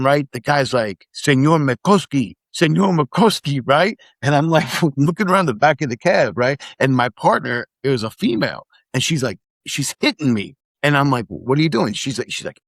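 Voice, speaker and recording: A middle-aged man, a podcast guest, casually telling animated stories, acting out the quotes and swearing freely. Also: medium pitch, no echo. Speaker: podcast guest, former immigration officer. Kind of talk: casual storytelling in conversation.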